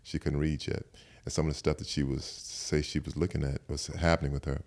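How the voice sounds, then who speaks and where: A man's voice: very deep voice, level tone, brisk, a little mellow. A man in his sixties, a podcast guest, telling stories in casual chat and often repeating words as he starts sentences. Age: 60s.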